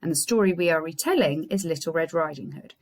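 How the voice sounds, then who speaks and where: A woman primary school teacher with an English accent, reading a fairy tale aloud to her class in an expressive storyteller's manner. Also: low-pitched, fast talker.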